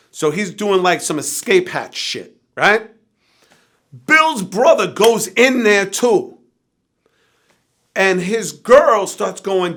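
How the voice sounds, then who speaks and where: A man as an interview guest, telling a wild, profane anecdote with animated energy that drops at times to a low, tired murmur. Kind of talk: storytelling in an interview.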